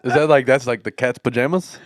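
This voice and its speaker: A man's voice: medium pitch, steady tone, a little fast, no room sound, clean studio sound. A man co-hosting a casual podcast, guessing loosely at slang and rambling with plenty of fillers and laughs. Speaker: podcast co-host. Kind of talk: casual chat.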